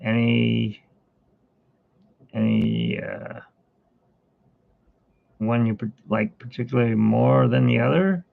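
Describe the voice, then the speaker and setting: A man's voice: medium pitch, steady tone, normal speed, creaky, hardly any pauses. A man hosting a live art stream who chats casually while he draws. He rambles, with asides and fillers. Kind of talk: casual chat while drawing. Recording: tinny phone-like sound.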